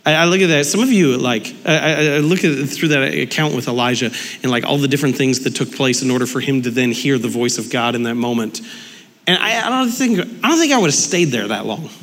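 A man preaching a lively, conversational sermon, talking with his congregation and acting out quoted dialogue. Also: medium pitch, a little fast, big-room sound. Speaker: pastor. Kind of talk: lively sermon with audience interaction.

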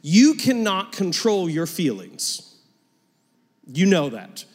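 Joking pastor preaching in a reverberant hall. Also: male voice, high voice, big pitch swings, takes it slowly. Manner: conversational, joking, pulls back to quiet asides. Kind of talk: sermon. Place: church auditorium.

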